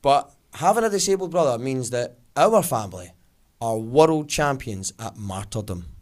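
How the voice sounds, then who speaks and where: A Glaswegian man in his thirties performing a stand-up comedy set, telling stories and slipping into quick voices of his family. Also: mid-range voice, expressive, a little mellow. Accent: Glaswegian Scottish. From Scotland. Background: audience laughter.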